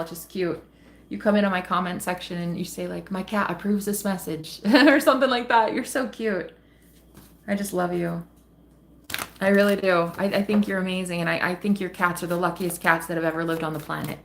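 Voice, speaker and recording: A woman's voice: on the low side, fairly even intonation, a little fast, fairly bright tone, a little hiss or hum. A woman chatting on a tarot live stream, reading out viewer comments in a casual, affectionate way, calling viewers sweetheart and honey, laughing often and swearing freely.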